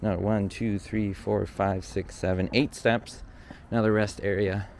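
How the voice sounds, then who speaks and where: Brief: man, low-ish voice, casual walking-tour vlogger, slightly winded, faint street ambience. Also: flat delivery, normal speed, vocal fry, a little mellow. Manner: chatty, thinking aloud, many fillers. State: out of breath from climbing stairs. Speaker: vlogger touring a location. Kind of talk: casual walking vlog narration. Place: outdoor hillside stairway in a city neighborhood. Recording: faint outdoor ambient noise.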